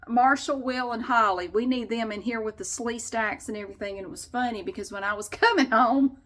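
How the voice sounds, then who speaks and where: A woman's voice: brisk, few pauses. Exasperated woman telling a comedic rant. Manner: exasperated and animated, swings between loud outbursts and low asides. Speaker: vlogger.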